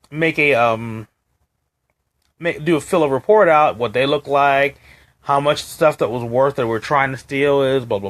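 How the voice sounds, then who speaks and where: A man co-hosting a casual live-stream chat, telling a story with lots of restarts and acted-out quotes. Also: a little high. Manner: animated storytelling, acting out quoted voices, many restarts. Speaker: co-host.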